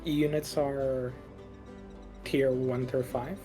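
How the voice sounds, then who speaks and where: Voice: mid-range voice, flat delivery, very slow, mellow, faint music behind. Giggly friend explaining game rules. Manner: giggly, teasing. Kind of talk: casual gaming chat.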